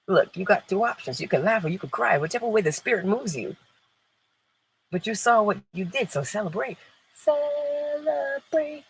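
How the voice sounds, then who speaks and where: A woman's voice: medium pitch, gravelly, slightly rough, rough recording. A woman hosting an inspirational morning livestream, playful and emphatic, laughing often and answering viewers in the chat. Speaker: livestream host.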